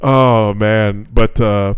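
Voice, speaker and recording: A man's voice: lowish voice, steady tone, extremely slow, clear, resonant tone, dry recording. A man co-hosting a casual podcast, ranting with lots of swearing and laughter. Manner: profane, ranting, laughs often. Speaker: podcast co-host. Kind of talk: casual chat.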